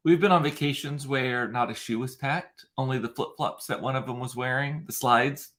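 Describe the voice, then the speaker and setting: A man's voice: medium pitch, fairly even intonation, moderate pace, few pauses, a bit bright. A man in his thirties chatting casually to the camera at home, with wry, sarcastic asides. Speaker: vlogger. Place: at home, indoors.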